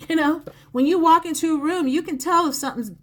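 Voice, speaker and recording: A woman with a high, fairly bright voice speaks at a moderate pace. She's a psychic reader on a live stream, addressing the viewer directly in a chatty, repetitive way through a phone or close mic.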